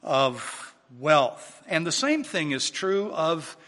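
Guy preaching slow in a church, kinda high bright voice, echoey hall. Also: very animated. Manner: earnest, builds to emphatic peaks then drops quiet. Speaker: pastor. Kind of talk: sermon. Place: church sanctuary. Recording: long hall reverb.

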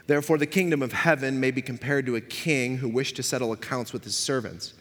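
Male lay reader, formal scripture reading, mid-pitched voice, reverberant church. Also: fairly even intonation, a little fast, fairly bright tone.

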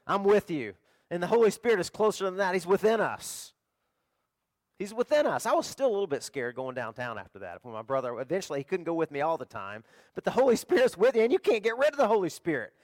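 A middle-aged man preaching a sermon in a folksy, conversational way, swinging between loud emphasis and quiet storytelling. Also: high-pitched, very animated, quick pace, no echo. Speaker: pastor.

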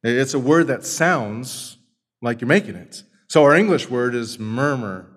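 A man's voice: medium pitch, animated, measured pace. A man preaching a sermon as pastor, emphatic and building up force as he lists point after point.

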